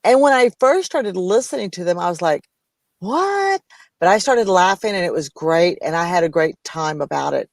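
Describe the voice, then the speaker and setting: A woman's voice: fairly low pitch, brisk, vocal fry, few pauses, no room sound. A middle-aged American woman chatting casually on a business show, her voice close and dry with no room around it. She tells stories with lots of energy and often drops into playful voices. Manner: animated storyteller, slips into playful voices and laughs. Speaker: co-host of a business talk show.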